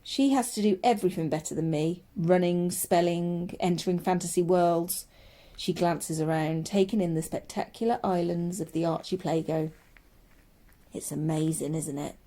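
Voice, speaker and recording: A woman narrating a children's audiobook in a steady storytelling voice. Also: on the low side, normal speed.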